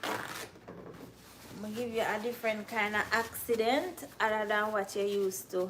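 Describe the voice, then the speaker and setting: A woman's voice: mid-range voice, steady tone, unhurried, a bit bright, slight background noise. A young Jamaican woman with a Jamaican accent, chatting with viewers on a cooking livestream and answering their comments. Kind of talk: casual live-stream chat while cooking.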